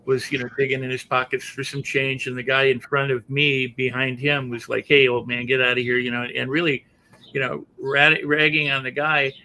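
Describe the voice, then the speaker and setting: A man hosting a casual interview show, talking in a reflective, conversational way with halting restarts. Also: mid-range voice, pushed and bright, slight background noise, poor audio. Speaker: host.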